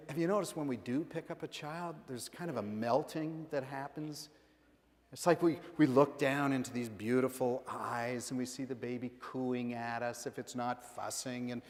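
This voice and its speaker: Casting: middle-aged pastor, fairly high male voice, chatty sermon in a big echoing church. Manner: conversational preaching with playful quoted voices. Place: large church sanctuary. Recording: long church reverb.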